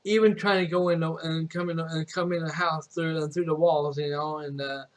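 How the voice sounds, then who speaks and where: A man's voice: on the high side, level tone, moderate pace. A young man telling a personal story in a rambling, casual way, with many restarts and some swearing. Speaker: streamer.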